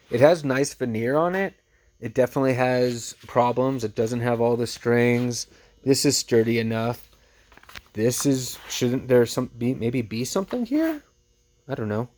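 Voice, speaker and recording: A man who resells thrift finds, telling a story casually and with lively energy. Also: medium pitch, unhurried. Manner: chatty, animated retelling with laughs.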